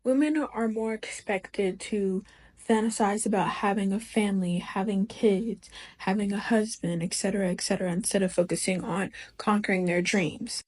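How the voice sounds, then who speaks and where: A woman's voice: medium pitch, fairly even intonation, moderate pace, darkish tone, breathy edge. Emphatic woman giving her opinion. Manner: emphatic, indignant. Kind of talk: opinion monologue.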